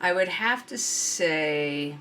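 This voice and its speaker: A woman comedian chats as a guest, rambling playfully and tossing in loud jokey bits. Her voice is bright and animated in pitch. A faint hiss lies under the recording. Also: takes it slowly. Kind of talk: casual comedy chat.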